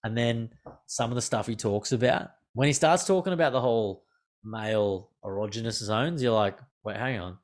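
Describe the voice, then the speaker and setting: A man's voice: medium pitch, normal speed. Rambling, laid-back male podcast host. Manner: rambling, loose, fills with "like", swears freely. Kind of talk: casual podcast chat. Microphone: remote call.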